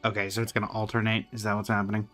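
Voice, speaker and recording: A man's voice: lowish voice, completely flat delivery, very fast, fairly bright tone, faint music behind. A man streaming a game, reading the characters' lines aloud and trying out accents as he goes. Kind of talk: live game commentary with voiced dialogue.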